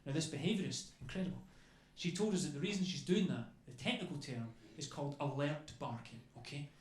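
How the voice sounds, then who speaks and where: Holding a handheld mic on a comedy club stage, a man runs through a chatty stand-up set, ending his lines with "okay?" He sounds animated, a little high-pitched, and a little fast, with the room echoey and faintly ambient.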